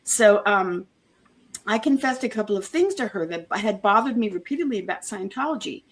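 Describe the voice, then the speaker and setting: A woman being interviewed, talking earnestly in a halting way, with many restarts and homely comparisons. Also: mid-range voice, expressive. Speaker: interview guest, former member of a church group. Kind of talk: casual conversational interview.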